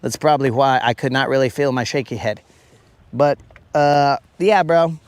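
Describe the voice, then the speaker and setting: A man's voice: mid-range voice, moderate pace, smooth, no room sound. A man hosting a live fishing stream, rambling and teasing his viewers in casual chat. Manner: rambling, teasing, talks to viewers as bro and guys. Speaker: fishing livestream host.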